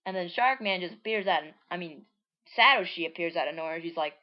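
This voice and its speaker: A woman with a lowish voice reads aloud and explains a comic she made as a child, speaking fairly quickly and casually. She rambles with many asides, full of likes and restarts, sounding amused. The recording is dull and lo-fi.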